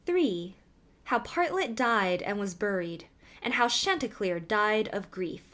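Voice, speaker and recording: A woman reading a fairy tale aloud as an audiobook narrator, in an expressive storytelling voice. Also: medium pitch, slow.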